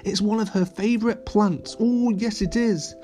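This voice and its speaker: Earnest little boy done by a guy, kinda high, matter-of-fact. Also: steady tone, normal speed, mellow, faint music behind, natural voice. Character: brave, helpful young boy.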